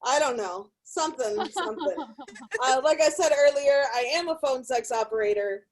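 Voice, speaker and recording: Profane stand-up woman, high voice. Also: lively intonation, moderate pace, rough recording. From Sacramento, California. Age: middle-aged. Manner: crude, profane, blunt. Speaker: stand-up comedian. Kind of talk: raunchy stand-up comedy. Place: hotel room.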